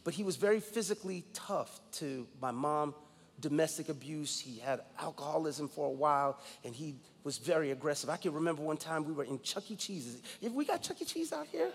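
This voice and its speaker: A man's voice: on the high side, animated, brisk, slightly rough, big-room sound. A man in his forties from New York, a guest pastor preaching a sermon with emphatic personal storytelling. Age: 40s.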